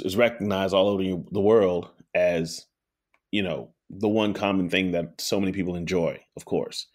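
A man's voice: on the low side, darkish tone. A man with a Southern American accent, a pitmaster guest telling easygoing stories and repeating words as he starts his thoughts. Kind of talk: interview storytelling.

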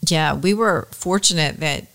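A woman's voice: low-pitched, a little slow, fairly bright tone. A middle-aged woman co-hosting a casual chat in a reflective, conversational way. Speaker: podcast co-host.

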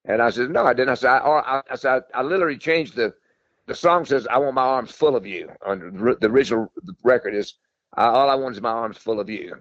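A man's voice: medium pitch, brisk, a bit bright, no echo, dull audio. An older man, a country singer telling stories in an interview, in a folksy, rambling way that repeats itself. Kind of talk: storytelling interview.

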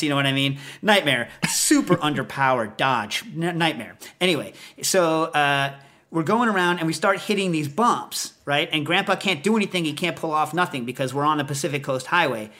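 A man hosting a podcast, telling a rambling, animated story in casual chat. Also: fairly high pitch. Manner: rambling, animated, lots of fillers. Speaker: podcast host.

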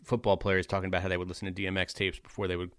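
A man hosts a podcast in an easygoing, rambling manner, often pausing to hunt for words. His voice sits on the lower side and sounds dry and close, with no room around it. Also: completely flat delivery, a bit bright, clean tone, no echo. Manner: laid-back, rambling, lots of fillers. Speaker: podcast host. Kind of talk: casual chat.

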